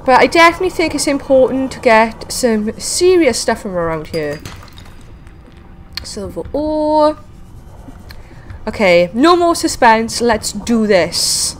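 Woman, gaming host, high voice, very lively pitch, unhurried, chatty and excitable. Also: slight background noise. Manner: excitable, chatty, talks to viewers and creatures, frequent laughs. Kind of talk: casual let's-play commentary.

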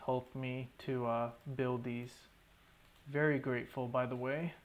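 A man's voice: mid-range voice, level tone, unhurried, lo-fi sound. A young man giving running commentary over his own gameplay, swearing often and talking to himself in exasperation. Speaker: gaming YouTuber.

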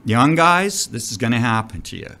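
A middle-aged man, a commercial diving instructor, telling stories in a casual interview, animated and profane. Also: mid-range voice, moderate pace. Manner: animated, profane, vivid storyteller.

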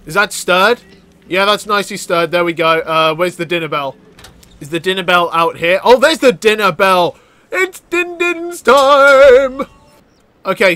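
A gaming YouTuber with a voice on the high side delivers excitable let's-play commentary. He yelps, cackles, and chatters at the game.

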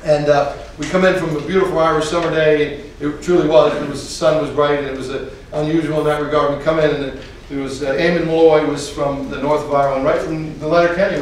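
A man with a slightly high voice tells funny anecdotes in a chatty, meandering way, often restarting and laughing. The recording, with a little hiss or hum, sounds distant, in an echoey room with faint ambience.

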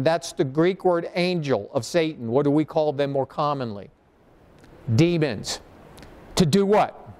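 A man's voice: sits high, a little mellow. A male pastor preaching a sermon, firing questions at the congregation and making sarcastic asides. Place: church.

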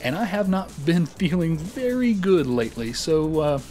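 A man's voice: fairly high pitch, very animated, normal speed, dark tone, faint music behind. A man hosting a casual weekly gaming round-up, rambling and joking with lots of filler words. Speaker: gaming show host.

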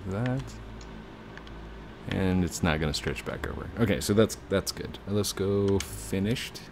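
A man's voice: sits low, a little slow, noisy background. A man hosting a gameplay video, chatting casually while he plays, teasing his guest and laughing often. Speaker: gaming video host.

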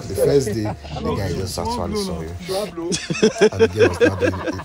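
Nigerian guy telling his skit story, animated, pidgin bits, people talking in the background. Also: medium pitch, normal speed, a loud crowd. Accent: Nigerian Pidgin English. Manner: animated, laughing, drops into Pidgin. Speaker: comedy skit creator. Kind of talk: casual storytelling to viewers. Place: live gallery with people around.

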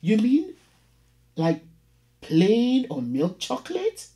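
A man's voice: sits high, wildly swooping pitch, takes it slowly, mellow, pitched above the performer's own voice, exaggerated voice. A man voicing a prim, prying British landlady speaking on the phone in a poem reading. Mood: curt. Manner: clipped and prying.

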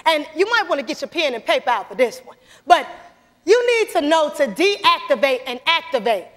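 A young woman giving an animated motivational speech in a church, calling out to the audience as she tells stories. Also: sits high, normal speed. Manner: animated, calls to the audience, storytelling. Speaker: motivational speaker. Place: church sanctuary. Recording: long church hall reverb.

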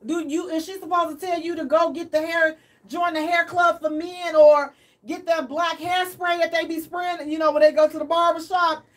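Emphatic high-voiced woman radio host. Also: normal speed, distant mic. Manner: animated, emphatic, preachy. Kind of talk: casual advice chat.

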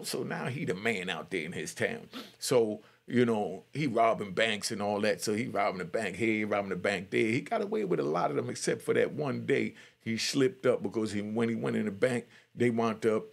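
An older man telling a true story in a casual, streetwise way, often checking in with "you know what I mean". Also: lowish voice. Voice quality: gravelly.

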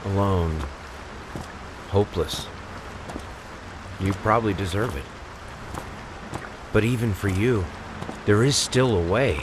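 Low slow creepy horror game narrator, grave and accusing, rain hissing behind. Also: male voice. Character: cold, menacing male narrator voice in a horror game.

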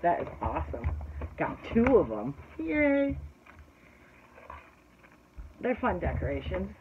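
A woman vlogger rambles casually through an unboxing haul and talks straight to her viewers. She sometimes turns to exasperated complaining about her audience. The recording sounds slightly dull and lo-fi, with a faint hiss underneath. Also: low voice. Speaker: craft vlogger and shop owner. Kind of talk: chatty unboxing haul video.

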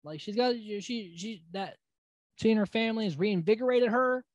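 A man's voice: sits high, moderate pace, no echo. A man hosting a podcast, recapping a reality TV episode in a loose, rambling way with fillers and casual swearing. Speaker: podcast host.

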